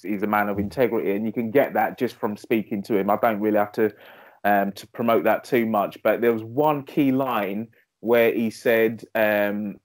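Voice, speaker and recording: A male podcast host, born in Zimbabwe and raised in Essex, talking reflectively with many fillers. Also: fairly low pitch. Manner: reflective, rambling with fillers, animated when retelling. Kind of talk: casual chat.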